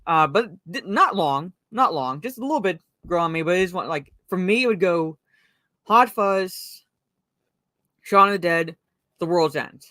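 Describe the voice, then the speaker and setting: On a low-side, fairly bright voice, a livestream host animatedly discusses a movie at a moderate pace, saying hello to viewers, reading their messages aloud and filling gaps with fillers. The recording is dry and clean, studio-grade.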